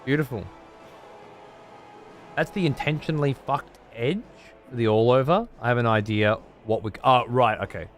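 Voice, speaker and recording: A man's voice: medium pitch, moderate pace, faint music behind. A man streaming and chatting casually with his audience, blunt, rambling and full of swearing.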